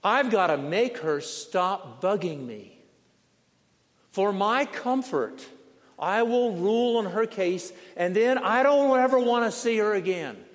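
An irritable, corrupt male judge , put on by a preacher, barks in a raised, strained voice that sits well above the speaker's own. He is loud and dismissive, and his words ring out into a long hall reverb. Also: high voice, animated, takes it slowly, pitched above the performer's own voice. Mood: exasperated.

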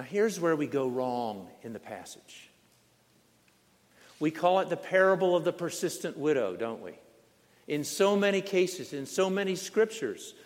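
A male preacher telling a sermon story in a slow, dramatic manner, leaning on repetition. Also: fairly high pitch. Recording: long reverb in a large hall.

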